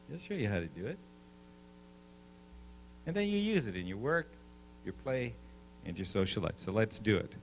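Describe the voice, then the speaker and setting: A man leading a live seminar, an animated storyteller who coaxes the audience with questions. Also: medium pitch, a little hiss or hum, low-quality recording. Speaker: seminar speaker.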